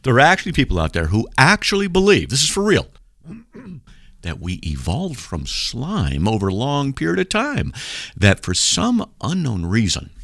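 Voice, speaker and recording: Male call-in radio host, emphatic preacher, low lively voice on a dry studio mic. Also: dry recording. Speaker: radio talk show host. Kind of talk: live call-in radio talk. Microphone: studio microphone.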